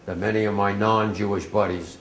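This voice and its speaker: A man in his eighties from New Jersey gives an emotional eyewitness account to an audience, halting and at times swelling almost to a shout. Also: fairly low pitch, fairly even intonation, echoey room, a little hiss or hum, low-quality recording. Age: 80s. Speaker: war veteran speaker.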